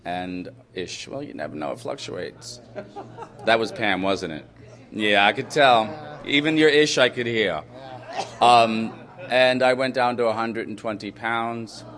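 A man's voice: fairly low pitch, measured pace, fairly bright tone. A man speaking into a handheld microphone to a live audience, telling a personal story with candid, self-mocking humor and banter.

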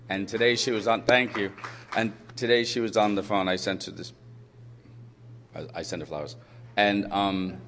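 A man's voice: low-pitched, a bit bright, a little hiss or hum. A man speaking into a handheld microphone to a live audience, telling a personal story with candid, self-mocking humor and banter.

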